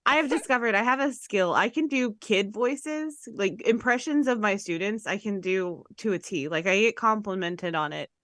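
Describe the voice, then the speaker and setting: Woman, podcast co-host, casual chat, bright crisp voice, dry sound. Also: medium pitch, expressive, moderate pace, few pauses, dry recording. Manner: chatty, playful, laughing.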